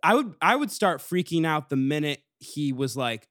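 A man's voice: on the high side, big pitch swings, normal speed, fairly bright tone, no room sound, studio quality. A young man hosting a casual chat, reacting with jokes and offhand swearing.

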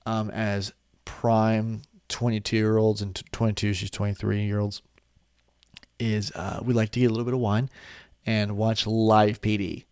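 A man's voice: on the low side, little pitch movement, measured pace, a little mellow, smooth, no echo, studio quality. Drowsy, rambling young man in his twenties. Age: 20s. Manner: rambling, tangent-prone, drowsy and yawning. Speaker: vlogger. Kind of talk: casual rambling monologue. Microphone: desk microphone.

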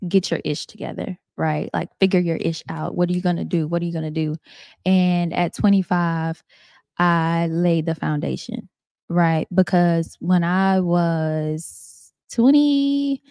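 A woman's voice: on the low side, dark tone, no echo. A woman in her twenties hosting a solo podcast, talking candidly and emotionally about faith and growth in casual chat. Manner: candid, faith-filled, emotional, conversational with "y'all" and "like". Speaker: podcast host. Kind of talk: solo reflective podcast talk.

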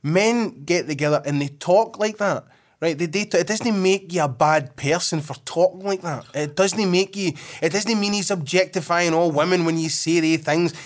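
A man's voice: high voice, normal speed. A Scottish man hosting a casual podcast chat, swearing freely and laughing often. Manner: sweary, animated, laughs a lot.

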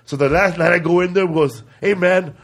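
A man's voice: fairly high pitch, brisk, creaky. A man hosting a podcast in casual chat, talking in slang and saying "bro" all the time. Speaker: podcast host.

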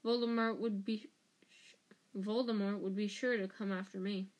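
A woman's voice: mid-range voice, steady tone, moderate pace, a little mellow, lightly acted. A woman voicing a bitter, menacing escaped male prisoner who growls and hisses his words venomously.

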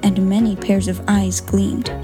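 A woman narrating a classic novel as an audiobook, in a measured, even storytelling manner. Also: medium pitch, music in the background. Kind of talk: scripted narration.

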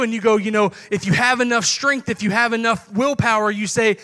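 A man's voice: very high-pitched, brisk, few pauses, bright, forceful tone. A young man preaching a sermon to his congregation in a conversational way, acting out little dialogues.

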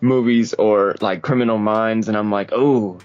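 A man co-hosting a casual podcast, speaking in slang and dropping dry deadpan remarks. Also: on the low side, normal speed, muffled recording. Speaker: podcast co-host.

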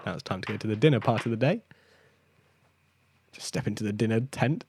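A man co-hosting a comedy podcast, playful and bossy, breaking into loud drawn-out mock announcements. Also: fairly low pitch, slightly rough, no echo. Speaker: podcast co-host.

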